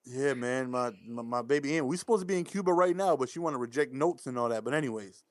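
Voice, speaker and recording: A man's voice: mid-range voice, animated, quick pace, no echo, studio quality. A man in casual chat who rambles and interrupts himself while telling a story.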